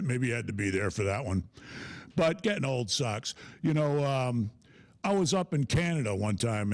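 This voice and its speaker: Gravelly middle-aged man doing stand-up. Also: fairly high pitch. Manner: animated storytelling, laughs at his own jokes. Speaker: stand-up comedian. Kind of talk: stand-up comedy set.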